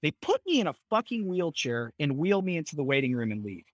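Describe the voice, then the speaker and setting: Young male guest, raised pitch, dry close mic, lively swearing storyteller. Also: a little fast, no echo. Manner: vivid, swears freely, animated retelling. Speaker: podcast guest. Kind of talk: casual storytelling.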